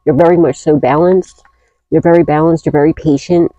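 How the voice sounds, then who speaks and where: A woman's voice: deep voice, fairly even intonation, brisk, dark tone, no echo, lo-fi sound. A woman giving a casual tarot reading, blunt and profane, rambling through restarts as she talks to her viewers. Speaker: tarot reader.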